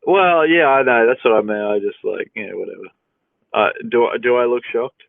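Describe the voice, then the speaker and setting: Gravelly and medium-pitched, this livestream host talks slowly and pauses often while reading chat questions aloud, amused and easygoing, chuckling frequently. Recorded on a phone with no echo, the sound is dry and tinny.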